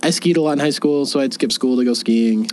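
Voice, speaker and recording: A man's voice: medium pitch, quick pace, darkish tone, slight background noise. A man in casual chat, telling a rambling story with frequent restarts. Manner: rambling anecdote with many restarts and laughs. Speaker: podcast co-host telling a story.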